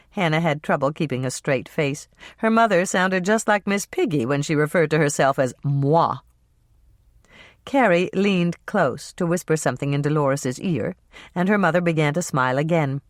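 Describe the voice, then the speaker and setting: An audiobook narrator reading a cozy mystery in a wry, measured storytelling manner. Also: medium pitch, no room sound, clean studio sound.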